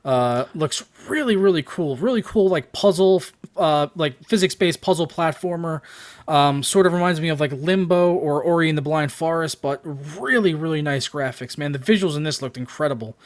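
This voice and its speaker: A man with a fairly high voice, talking animatedly about games. He jokes around and swears casually. The recording is dry and close. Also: normal speed, dry recording. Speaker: co-host. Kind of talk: casual gaming chat.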